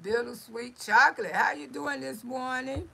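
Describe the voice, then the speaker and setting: A woman's voice: sits high, normal speed, creaky, bright, forceful tone, breathy edge, poor audio. A middle-aged woman hosting a live stream, chatting casually, reading viewer comments aloud, blunt and salty, laughing often.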